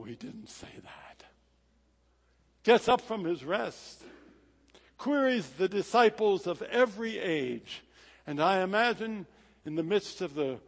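A high-pitched male preacher delivers a sermon with dramatic, rhythmic phrasing, rising to loud and falling to hushed. His voice carries a long reverb, as if filling a large hall. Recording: echoey hall.

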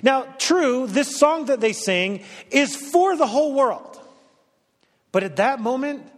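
A man's voice: extremely high pitch, animated, takes it slowly, in a large hall. A middle-aged male pastor giving a conversational, storytelling sermon with dry humor.

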